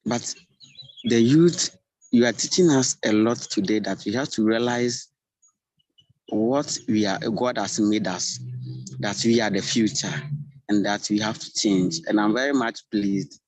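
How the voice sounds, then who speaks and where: A young man shares his thoughts in class, speaking slowly and earnestly in a somewhat low voice. He sometimes pauses to search for words. The recording is dry, with little room sound. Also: a little mellow, no echo, poor audio. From Ghana. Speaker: church youth leader, class participant.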